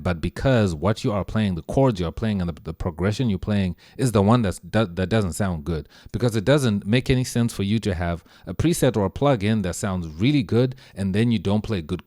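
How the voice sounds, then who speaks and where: A man's voice: deep voice, a little mellow, no echo, studio quality. A man giving a casual, slang-filled lesson on music production, easygoing as he walks through sounds. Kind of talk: casual screen-share tutorial. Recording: music playing under the voice.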